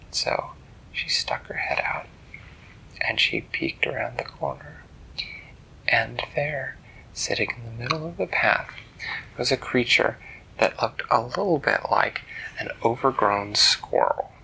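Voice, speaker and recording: A man telling a bedtime story to a child in a gentle, animated way. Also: medium pitch, a little slow, creaky, long pauses, whispered, low-quality recording.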